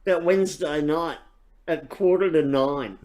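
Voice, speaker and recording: A man's voice: a little high, measured pace, a little mellow. A man, chatting casually and chuckling as a co-host. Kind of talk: casual chat.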